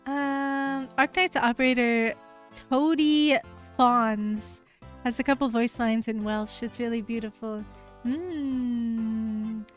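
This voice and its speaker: Chatty American woman streamer, slightly high. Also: fairly even intonation, slow, soft background music. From United States. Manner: chatty and rambling, full of "like". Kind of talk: casual chat with viewers.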